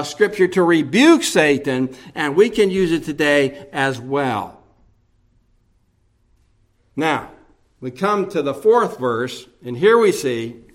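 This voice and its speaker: A man preaching a verse-by-verse sermon, explaining the text slowly with emphatic repetition and rhetorical questions. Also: sits high, fairly bright tone. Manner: slow, deliberate teaching with emphatic repetition. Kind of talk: expository sermon.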